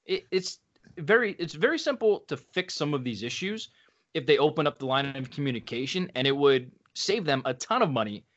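A man's voice: a little high, lively intonation, a little fast, a bit bright, highs cut off. A man hosting a casual podcast, talking in a loose, easygoing way.

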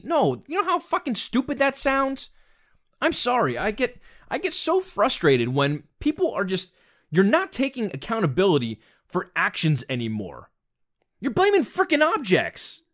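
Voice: mid-range voice, huge pitch swings, normal speed, a bit bright. Blunt, exasperated ranting commentator. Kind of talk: opinion rant monologue.

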